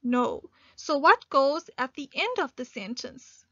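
A woman teaching an online grade one English lesson, speaking slowly and clearly and stressing key words. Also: high voice, big pitch swings, a bit bright, dry recording. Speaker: primary school teacher. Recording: dull lo-fi dry recording.

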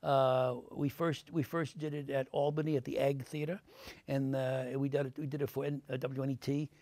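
A man's voice: medium pitch, moderate pace, no room sound. Older New man telling stories. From Brooklyn, New York. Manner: animated anecdotes, many fillers, acts out quoted voices. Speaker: actor, interview guest. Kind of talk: storytelling interview answers. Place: TV studio.

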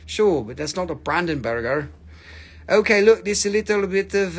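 This man's voice is high, expressive and slightly rough, at a normal speed. Selling crystals on a livestream, he keeps the sales chat casual, teases and jokes with viewers, and curses without holding back.

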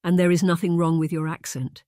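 A narrator voicing a sweet, soft-spoken young lady, pitched light and high. The voice sits close and dry, read as an audiobook character. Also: steady tone, a little fast, dry recording, close to an everyday voice.

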